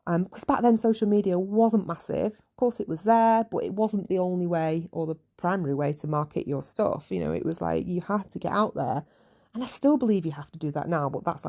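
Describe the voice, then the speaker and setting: A woman's voice: lowish voice, creaky, warm tone. A woman hosting a podcast, telling her story in a chatty, candid way with many "you know" asides. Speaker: podcast host. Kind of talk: casual solo podcast storytelling.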